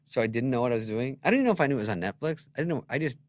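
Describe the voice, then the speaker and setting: Sarcastic, lively-voiced comedian man. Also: mid-range voice, racing, dry recording. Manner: animated storytelling, sarcastic, acts out quoted lines. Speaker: comedian guest. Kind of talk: casual chat.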